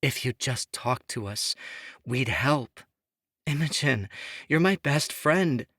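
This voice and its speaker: A man voicing a young pregnant woman who pleads and shouts back at her friend. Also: medium pitch, animated, slow pace, dry recording, studio quality, pitched above the performer's own voice, full character voice. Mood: heated. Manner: pleading, then screaming back.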